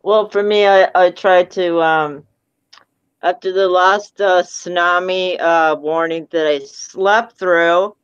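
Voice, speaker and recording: A woman with a lowish, smooth voice speaks very slowly and hesitantly. Her audio sounds muffled and lo-fi. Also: steady tone. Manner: hesitant, halting. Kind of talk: casual chat.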